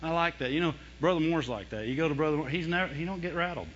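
A man preaching a lively sermon, mimicking whining voices and laughing often as he talks. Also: a little high, fast talker, big-room sound, slight background noise. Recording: dull lo-fi sound.

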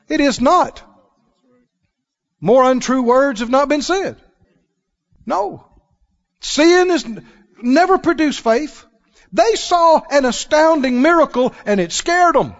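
A man preaching a sermon, emphatic and animated, often breaking into laughter. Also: very high-pitched, a little slow, long pauses. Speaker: pastor. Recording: dull lo-fi recording.

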